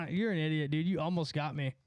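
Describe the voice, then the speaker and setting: A man telling a profane, animated story on a live stream, a bit out of breath. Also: a little high, no room sound. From California. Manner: animated, profane, jumps between story and asides.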